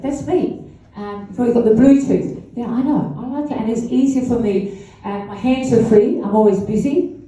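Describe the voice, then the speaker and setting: A woman's voice: a little high, warm tone. An older woman giving a rambling, chatty speech to an audience at a launch event, laughing between asides. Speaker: guest speaker at a launch event. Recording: echoey room from far off.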